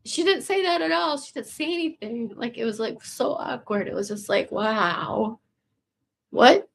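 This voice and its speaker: A woman in her fifties with a gravelly voice, telling a personal story in a rambling, profane way, full of restarts and repeated words. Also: on the high side, measured pace, a little hiss or hum. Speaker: vlogger. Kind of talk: casual confessional storytelling.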